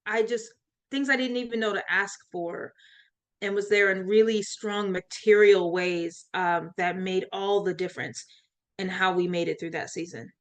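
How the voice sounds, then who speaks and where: Animated woman telling her story. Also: mid-range voice, normal speed. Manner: animated, laughs often, lively quoted voices. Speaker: life coach and guest. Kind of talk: faith-based interview storytelling.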